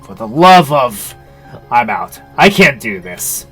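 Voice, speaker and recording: A man's voice: medium pitch, sing-song, slow pace, bright, forceful tone, breathy edge, soft background music, heavily acted. A man voicing a cold, scornful villainous cult leader, reading game dialogue in a contemptuous mutter.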